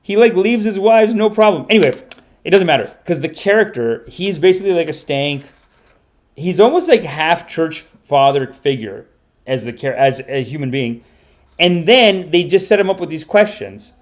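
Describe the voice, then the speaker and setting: A man hosting a casual comedy podcast stream, rambling and animated, with the odd curse. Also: on the high side, normal speed. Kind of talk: casual livestream commentary.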